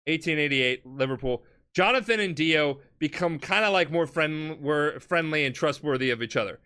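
A tipsy man hosting a podcast, telling a story in a casual, profane way and jumping into shouted character voices. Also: on the high side, lively intonation, normal speed, clean tone. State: drunk. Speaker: podcast host.

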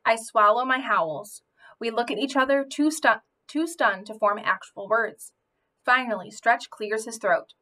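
A woman reading a children's novel aloud, telling it in an expressive first-person voice. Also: a little high, a little slow. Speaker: audiobook reader.

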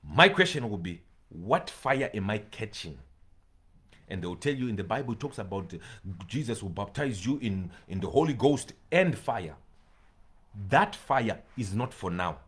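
A man's voice: on the low side, big pitch swings, normal speed, a bit bright, slightly rough. A man preaching a sermon, pleading and emphatic, repeating key words for stress.

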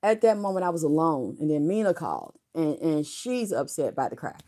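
Low-voiced middle-aged woman, frank and rambling. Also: very animated, brisk, warm tone. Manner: frank, rambling, salty, with profanity. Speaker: vlogger. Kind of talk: candid personal storytelling.

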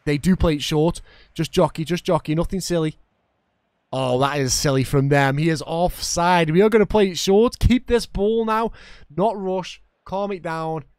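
Brief: young man, excitable game commentary, higher-pitched voice, dry close mic. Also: moderate pace, clean tone, no room sound. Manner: excitable, shouts at the referee and commentator, chatty with viewers. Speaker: gaming YouTuber.

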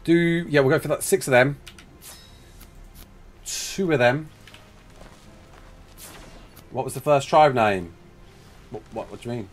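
A man's voice: mid-range voice, unhurried, pauses often, faint music behind. A young man live-streaming a building game, chatting casually, reading out chat messages and talking himself through each step.

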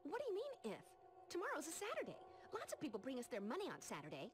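A blunt, money-minded young shopkeeper in a video game. She talks bluntly, with a pitch that swings widely. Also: wildly swooping pitch, fast talker, music in the background. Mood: indignant.

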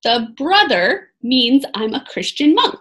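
Woman voicing jolly middle-aged monk, storybook, hearty, friendly, lively intonation. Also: high-pitched, slow pace, heavily acted.

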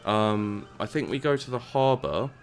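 Soft music sits in the background as a man gives loose, rambling commentary while playing and reviewing a game. His mid-range voice is animated but unhurried, and he often stumbles, repeats words and mutters to himself.

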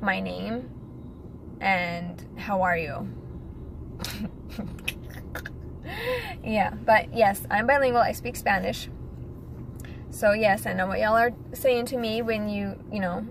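A woman's voice: medium pitch, vocal fry, a bit bright, a little hiss or hum, low-quality recording. A young woman with no accent, a model chatting casually to her viewers, giggly and direct. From United States. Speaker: model and vlogger. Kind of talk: casual chat to camera.

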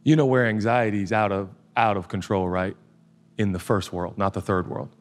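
A man preaching a sermon as pastor, dropping low and quiet, then building to loud shouts. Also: steady tone, normal speed, big-room sound.

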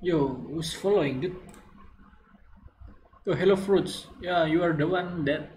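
A man's voice: fairly high pitch, measured pace, a little mellow, slight background noise, poor audio. A man with an Indonesian accent, hosting a live-stream reaction and greeting viewers in a laid-back way.

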